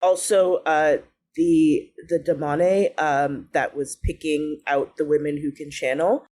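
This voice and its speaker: A woman's voice: low voice, steady tone, unhurried, a little mellow. A woman co-hosting a podcast, talking in a casual, enthusiastic way and laughing often. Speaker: podcast co-host. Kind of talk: casual chat.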